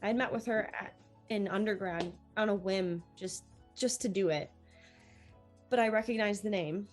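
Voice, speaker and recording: A young woman with a mid-range voice tells an interviewer her story, animated and quick to act out the lines of everyone she quotes. Faint music plays underneath. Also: medium pitch. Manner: animated, acting out quoted dialogue. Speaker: guest, newly accepted medical student.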